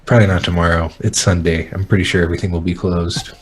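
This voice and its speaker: Low-voiced laid-back male podcast host. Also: steady tone, quick pace, slightly rough. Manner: dry, joking, laid-back. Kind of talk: casual chat.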